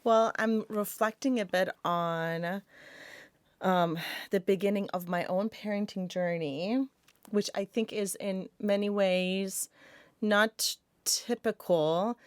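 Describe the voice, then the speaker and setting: A woman co-hosting a podcast, a mother reflecting in a thoughtful, measured way and offering soft affirmations while others speak. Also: mid-range voice, steady tone, clean tone, no echo. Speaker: podcast co-host. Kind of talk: reflective personal conversation.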